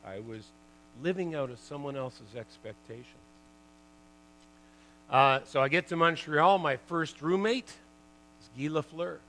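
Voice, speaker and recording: A man's voice: a little high, rough recording. Chatty older man telling stories. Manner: chatty, lots of "you know" and "like"; animated, laughs at his own stories. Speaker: former pro hockey player giving a talk. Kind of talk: storytelling talk to an audience.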